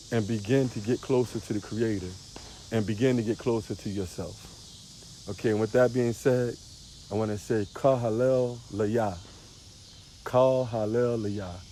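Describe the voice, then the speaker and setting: A man's voice: mid-range voice, moderate pace, dark tone, a little hiss or hum. A man, a spiritual teacher, preaching on a livestream outdoors, repeating phrases with a sing-song emphasis.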